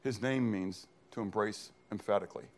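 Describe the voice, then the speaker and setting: A man's voice: lowish voice, normal speed. Emphatic male preacher asking call-and-response questions. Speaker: pastor. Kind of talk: sermon.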